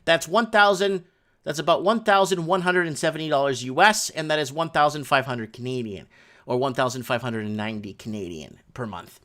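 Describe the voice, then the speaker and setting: A man's voice: medium pitch, fairly quick, bright, forceful tone. A man hosts a housing market talk show. He reads news items aloud, adds rambling commentary, and works out sums as he goes.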